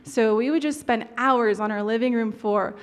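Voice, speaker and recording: A woman in her thirties giving an earnest personal testimony, her voice dropping soft at the heavy moments. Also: on the high side, moderate pace. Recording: long hall reverb.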